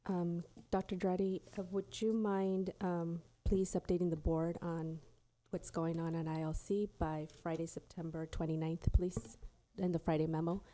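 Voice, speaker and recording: A woman's voice: lowish voice, flat delivery, normal speed, hardly any pauses, warm tone. A woman chairing a school board meeting, polite and apologetic, with many hesitant fillers.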